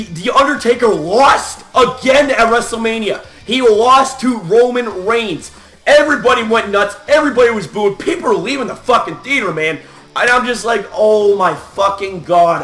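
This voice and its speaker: High, bright-voiced man ranting loudly. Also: echoey room. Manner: loud, animated, swearing, frequent shouts. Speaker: wrestling fan vlogger. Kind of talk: excited reaction rant.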